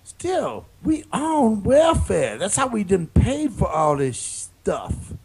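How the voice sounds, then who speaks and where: Man putting on a whiny young son, high voice swooping wildly, gravelly, husky. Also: huge pitch swings, slow pace, darkish tone, exaggerated voice. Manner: pleading, naive questions. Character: whiny young son questioning his father.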